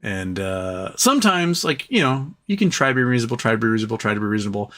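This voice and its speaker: A man's voice: mid-range voice, very animated, quick pace, bright, forceful tone. Brief: foul-mouthed male host spinning long, rambling anecdotes off the cuff. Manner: rambling, profane, repeats phrases for effect. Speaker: live show host. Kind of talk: casual storytelling.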